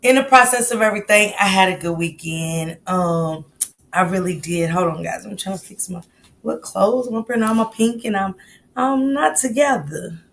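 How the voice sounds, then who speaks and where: A woman's voice: medium pitch, moderate pace, gravelly, fairly bright tone, a little hiss or hum. A woman in her late forties hosting a live stream, chatting casually and greeting viewers by name. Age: 40s. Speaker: livestream host.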